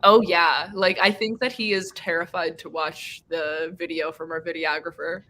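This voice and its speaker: A young woman with a bright, ringing tone and a somewhat low voice chats casually with friends. She rambles through stories with plenty of fillers. She laughs easily along the way. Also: fairly even intonation, moderate pace, a little hiss or hum. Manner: giggly, rambling storyteller with many fillers. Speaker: streamer hosting a reading sprint.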